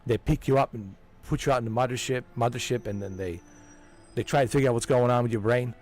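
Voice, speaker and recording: Man, livestream gamer, mid pitch, heated casual rant, profane, faint background music. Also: quick pace, darkish tone. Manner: heated, profane, emphatic, repeats "man" and "dude". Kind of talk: casual ranting livestream chat.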